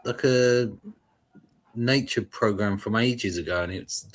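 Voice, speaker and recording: A man's voice: lowish voice, slow. A man in casual streamed chat, rambling and restarting as he hunts for words.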